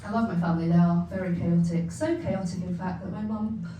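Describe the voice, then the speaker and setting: A young English woman does a stand-up set on a comedy club stage, chatty and self-mocking, laughing often as she acts out her family. Her voice is lowish, steady and warm, fairly quick, recorded from far off in an echoey venue with a faint hum.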